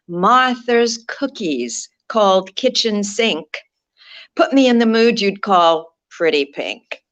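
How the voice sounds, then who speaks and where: Slow, lively woman reading poems. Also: mid-range voice. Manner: playful rhyming delivery with frequent laughter. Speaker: poet. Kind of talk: poetry reading.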